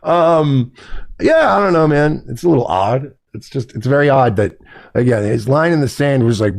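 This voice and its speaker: A man's voice: mid-range voice, very animated, normal speed, vocal fry, darkish tone. A man in a played clip, speaking in an indignant, sarcastic and profane way. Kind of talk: clip of a podcast rant.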